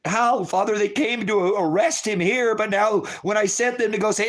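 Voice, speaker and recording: A man's voice: sits high, normal speed, hardly any pauses, fairly bright tone. A preacher delivering an emotional spoken prayer to his congregation. He is tearful and distraught, and he pleads through repeated questions. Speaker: ministry preacher.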